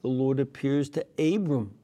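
A man, a priest, teaching an unscripted Bible study, deliberate and full of fillers and restarts. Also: mid-range voice, warm tone.

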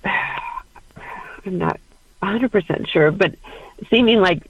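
A woman calling in to a radio advice show, hesitant and halting, with many pauses and ums. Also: mid-range voice, breathy edge, no room sound, phone-quality sound. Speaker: caller.

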